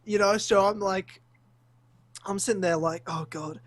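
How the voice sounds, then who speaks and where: A man's voice: sits high, unhurried, no room sound. A man, telling a story on a casual podcast, swearing freely and acting out the voices of the people in it. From Australia. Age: 20s. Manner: animated, swears freely, acts out voices in stories. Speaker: podcast host.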